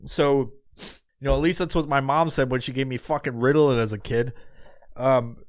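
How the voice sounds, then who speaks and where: A man in his thirties closes out his own solo podcast, speaking at medium pitch with a steady tone, normal speed and no echo. The casual outro rambles, heavy with swearing and filler words.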